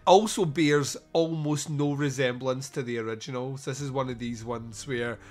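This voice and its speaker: A man's voice: mid-range voice, steady tone, moderate pace, darkish tone. A man hosting a podcast, chatting casually and animatedly about a film, swearing and laughing often. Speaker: podcast host. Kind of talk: casual film review chat.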